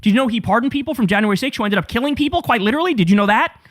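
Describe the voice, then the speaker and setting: High-voiced guy ranting and cursing, sarcastic, dead dry studio sound. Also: lively intonation, racing, fairly bright tone, dry recording. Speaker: political commentary host. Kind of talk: angry political commentary reacting to clips.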